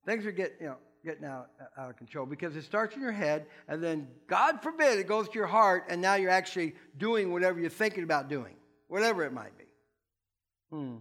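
A male pastor delivers a loose, conversational sermon in a high, light voice. He chuckles often and acts out quoted voices as he goes. At times he drifts off the mic and his voice falls quieter. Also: expressive, a little fast.

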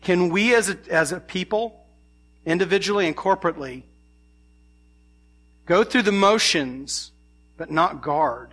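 Male preacher with a bright tone, earnest sermon, questions to the congregation. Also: high voice, a little slow, long pauses.

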